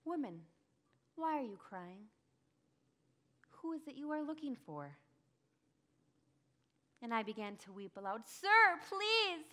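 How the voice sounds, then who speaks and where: A woman acting a grieving early follower in a first-person dramatic monologue, telling it breathlessly and crying out in high bursts. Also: natural voice. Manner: emotional, breathless storytelling, cries out in high bursts. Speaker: church dramatic monologue performer.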